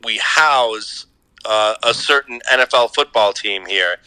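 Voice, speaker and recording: A man on a podcast as a guest, chatting about sports in a relaxed, laid-back and agreeable way. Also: lowish voice, a little slow, smooth. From New England. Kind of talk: casual sports chat.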